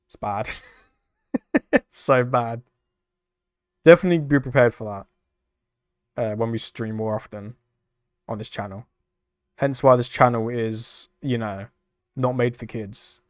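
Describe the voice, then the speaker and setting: A man's voice: mid-range voice, a little slow, pauses often, clean tone, no room sound, studio quality. A young British man chatting casually on a live stream, laughing often and swearing freely as he reacts to chat. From United Kingdom. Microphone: desk microphone.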